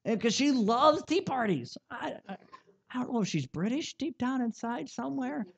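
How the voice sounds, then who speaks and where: Animated young male pastor preaching. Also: very high voice, normal speed, gravelly, slightly rough. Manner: animated, self-mocking storytelling with many restarts. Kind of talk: sermon.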